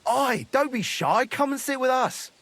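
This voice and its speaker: An actor playing a crude, jolly drinking buddy in a video game, bawdy and mocking. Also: male voice, very high voice, lively intonation, unhurried, a bit bright, exaggerated voice. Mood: rowdy.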